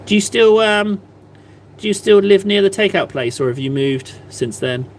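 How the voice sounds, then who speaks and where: A man's voice: high-pitched, animated, normal speed, slight background noise. A man chatting casually on a live stream, self-mocking and rambling as he paints. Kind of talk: casual livestream chat while painting.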